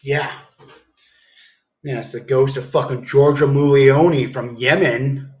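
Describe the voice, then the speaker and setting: A man's voice: mid-range voice, fairly even intonation, slow pace, a little mellow. A man ranting on a livestream, rambling and swearing, tacking "dude" onto his sentences. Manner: rambling, profane, keeps saying dude. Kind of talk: casual livestream rant.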